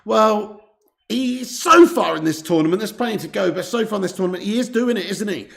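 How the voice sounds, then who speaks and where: A man's voice: high voice, expressive, a little fast, creaky. A man, hosting a live football watch-along, chatting casually, reading out viewer comments and swearing freely. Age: 30s.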